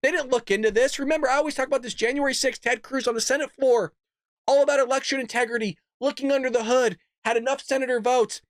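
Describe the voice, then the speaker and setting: A man hosting a political commentary show, ranting with heated, profane outbursts that swing from loud to muttered asides. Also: very high-pitched, fairly even intonation, quick pace, dry recording, studio quality.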